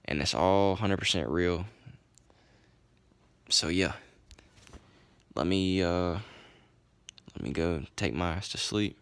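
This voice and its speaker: A man's voice: deep voice, takes it slowly, pauses often, clean tone, no echo. A young man, casually telling a story in a rambling, profane way. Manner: profane, rambling, laid-back. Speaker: vlogger.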